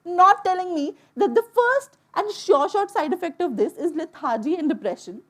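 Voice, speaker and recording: High-voiced Indian woman telling a story. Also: normal speed. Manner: emotional, animated storytelling. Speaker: speaker. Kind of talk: personal talk to an audience. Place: stage before an audience.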